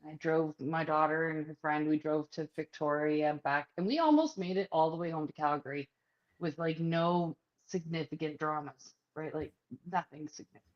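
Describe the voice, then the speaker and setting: Woman, low voice, profane animated storyteller, muffled lo-fi call audio. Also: moderate pace. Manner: profane, animated storyteller who acts out others' lines. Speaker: podcast co-host. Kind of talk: casual chat, personal storytelling.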